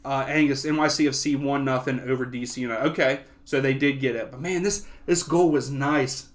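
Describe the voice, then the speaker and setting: A young man hosting a soccer watch-along, giving casual live play-by-play that often turns excitable. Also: mid-range voice, fairly quick. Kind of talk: live match commentary.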